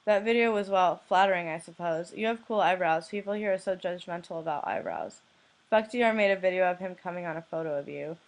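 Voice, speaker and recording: A young woman from the United States, a blogger who reads anonymous messages aloud in a flat, deadpan way. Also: on the low side, fairly quick. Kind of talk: reading messages aloud to camera.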